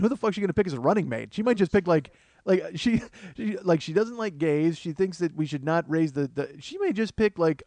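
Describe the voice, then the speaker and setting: A man's voice: high-pitched, a little mellow, dry recording. A man hosting a comedy podcast, rambling profanely through a solo monologue and laughing at his own jokes. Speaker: podcast host.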